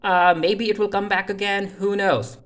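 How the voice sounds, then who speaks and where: Speaking at normal speed with medium pitch and a steady tone, a TV series reviewer casually recaps an episode. The retelling is loose, full of "uh" fillers and paraphrased dialogue.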